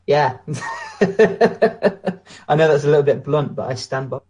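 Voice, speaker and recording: A man's voice: on the high side, expressive, slow pace, darkish tone, dull audio. Blunt British man chatting casually. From Britain. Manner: blunt, opinionated, anecdotal storyteller. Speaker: podcast co-host. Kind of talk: casual podcast chat.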